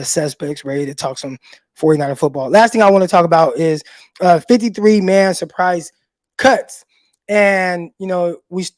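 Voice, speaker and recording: A man's voice: sits high, no room sound. A man hosting a live sports call-in show, talking loosely with fillers and casual swearing. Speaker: sports podcast host.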